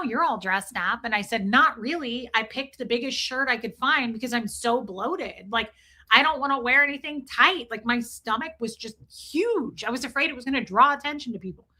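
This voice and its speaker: Bright, chatty young woman streamer. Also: a little high. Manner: chatty, animated, greets viewers mid-story. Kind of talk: casual livestream storytelling.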